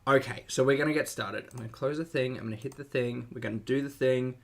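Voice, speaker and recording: A man's voice: medium pitch, steady tone, quick pace. A man hosting a casual livestream commentary, chatty and sarcastic, laughing often and greeting his chat viewers.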